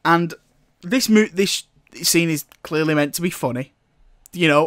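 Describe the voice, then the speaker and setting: A man's voice: fairly high pitch, moderate pace, a bit bright, dry recording, studio quality. A man casually recapping a film, rambling and amused, with sarcastic asides and frequent laughter. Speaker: film reviewer.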